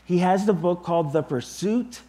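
A man preaching a sermon to his congregation, deliberate and emphatic, with long pauses. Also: sits high, mellow. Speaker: pastor.

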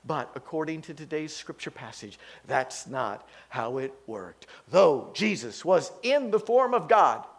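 Animated, high-voiced male preacher. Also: unhurried, gravelly, hardly any pauses. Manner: animated preaching with a story-telling swing. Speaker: pastor. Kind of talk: sermon.

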